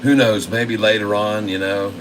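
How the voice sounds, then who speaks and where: A man hosting a trading channel, commentating live on his trades in a folksy, excitable way and constantly talking to his viewers. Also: on the low side, normal speed, background noise. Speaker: stock trading channel host.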